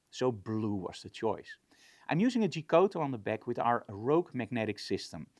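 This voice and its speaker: A man talks through a photo shoot's lighting as an instructor, his voice rising and falling with lively enthusiasm. He speaks at a middling pitch in a conversational way. The recording is dry and close, with little room sound. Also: no echo. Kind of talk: explaining a lighting setup.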